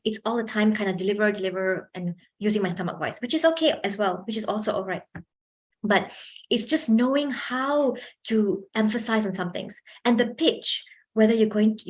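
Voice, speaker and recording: A woman giving an animated talk on public speaking at a workshop, laughing often and asking her audience questions, on a handheld microphone. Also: medium pitch.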